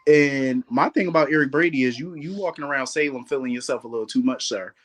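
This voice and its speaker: A man's voice: medium pitch, fast, fairly bright tone. A man in a casual chat, talking in a blunt, profane and slangy way.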